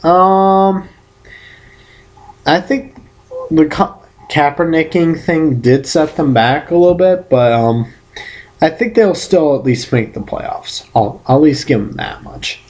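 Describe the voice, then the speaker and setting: A man's voice: on the high side, lively intonation, slow, darkish tone. A man in a casual solo vlog giving sports predictions, rambling and correcting himself with playful exclamations. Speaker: vlogger giving football predictions.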